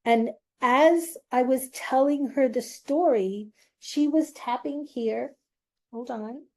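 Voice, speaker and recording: A middle-aged woman hosting her own show, slowly and earnestly telling a personal story in a confiding way. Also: high-pitched, warm tone. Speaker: host.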